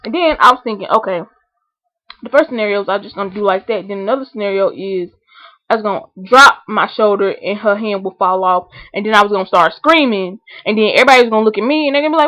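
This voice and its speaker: A woman vlogging a comedic rant, animated and indignant. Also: a little high, fast talker, no room sound, rough recording. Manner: animated, indignant, acts out scenarios in voices.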